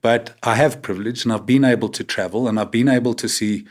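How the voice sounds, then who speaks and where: Here a South African podcast guest in his fifties talks at a quick pace in a mid-range voice. It's a candid, conversational interview where he tells stories frankly and keeps adding "man" and "right?".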